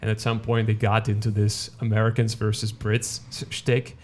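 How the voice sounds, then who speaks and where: A man with a Russian accent, a podcast guest chatting casually, often pausing and restarting as he goes. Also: lowish voice, completely flat delivery. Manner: hesitant, many fillers and restarts, laughs while telling. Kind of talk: casual chat.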